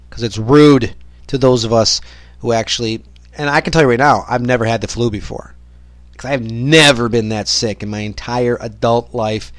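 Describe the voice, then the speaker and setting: A man's voice: medium pitch, dry recording. A man hosting his own podcast, ranting in a rambling solo monologue full of swearing and exasperation. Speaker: podcast host.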